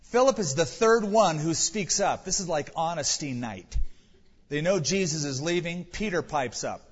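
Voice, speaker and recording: A man's voice: fairly high pitch, expressive, moderate pace, breathy edge, long reverb tail, muffled recording. A man, a pastor, preaching an earnest, conversational sermon.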